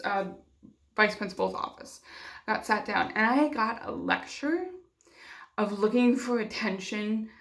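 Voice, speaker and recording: A young woman talks straight to camera, telling a personal story in a candid, chatty way full of fillers. Her voice has a gravelly, fried edge at a middling pitch. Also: fairly bright tone. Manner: candid, conversational, many fillers. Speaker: vlogger.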